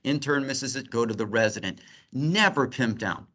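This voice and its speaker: A middle-aged man lecturing at grand rounds as a physician. His delivery is lively and laced with humor. He sits at an ordinary pitch for a man. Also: normal speed. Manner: lively, joking teaching tone.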